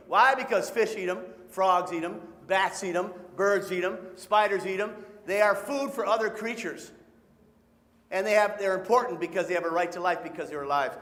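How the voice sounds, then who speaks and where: A man's voice: high-pitched, moderate pace, fairly bright tone. Playful man leading a call-and-response nature talk. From Michigan. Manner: playful, call-and-response, sings short songs. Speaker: nature educator. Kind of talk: live audience presentation for families. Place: large hall with an audience. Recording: echoey hall.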